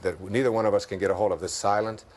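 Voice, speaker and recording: This Detroit-accented interview guest has a lowish, steady voice but races through his words. Talking reflectively about spiritual things, he tells stories expansively and laughs at his own jokes.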